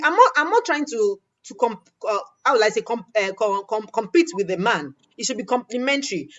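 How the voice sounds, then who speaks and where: Woman, interview host, animated storyteller, fairly high voice, dull lo-fi audio. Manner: animated, quotes others in acted-out dialogue.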